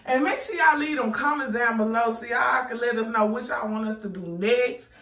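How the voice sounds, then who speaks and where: Holding a phone to film a prank vlog, a woman teases playfully and laughs often, and her speech shows certain distinctive features. She speaks at a moderate pace in a slightly high, fairly bright voice. She is far from the mic, and the audio echoes.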